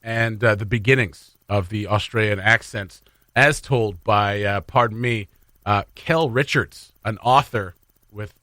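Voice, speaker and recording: A morning radio host speaks from the studio in a fairly low voice that sounds pushed and bright, with no room sound. He keeps it chatty and self-deprecating, laughing frequently and wandering into offhand remarks.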